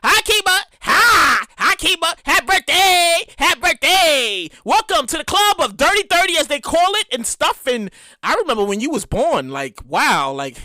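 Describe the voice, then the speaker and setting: High bright-voiced guy in his 30s doing his own podcast, super animated, repeats himself a lot, dry close mic. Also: moderate pace, no echo. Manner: animated, repetitive, talks straight to listeners. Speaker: podcast host. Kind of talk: casual solo podcast chat.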